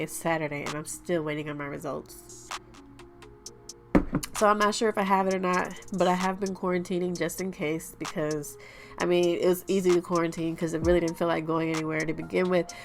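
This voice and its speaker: A young woman talks through a home hair tutorial with a stuffy, blocked-nose sound and short breath. Her voice sits a bit low with a gravelly fry, and she chats to viewers in a loose, apologetic way. Faint music plays underneath. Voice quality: nasal, stuffy-nosed. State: out of breath, congested. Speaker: hair vlogger. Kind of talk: casual hair tutorial vlog.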